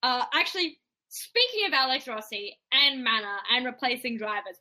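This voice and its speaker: A young Australian woman co-hosting a podcast, chatting casually and quickly with laughing asides. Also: high voice, sing-song, sharp tone, low-quality recording. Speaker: podcast co-host. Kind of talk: casual chat.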